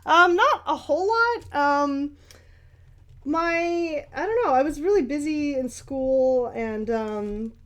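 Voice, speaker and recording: A woman's voice: sits high, slow. A young American woman chatting casually as she paints and answers viewer questions, rambling with lots of ums and little laughs. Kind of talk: casual paint-along chat.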